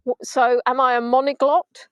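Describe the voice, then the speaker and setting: High-voiced woman rambling on a live tour. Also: level tone, moderate pace, smooth, no room sound. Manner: rambling and self-mocking, with playful asides. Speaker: virtual tour guide. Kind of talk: chatty live tour commentary. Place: outdoors on a beach at sunset. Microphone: phone on a gimbal.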